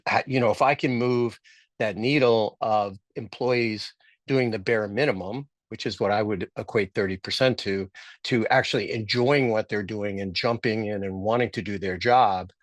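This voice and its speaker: A man's voice: fairly low pitch, steady tone, normal speed, no room sound. A man co-hosting a business podcast, chatting casually and joking, thinking aloud with restarts. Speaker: podcast co-host.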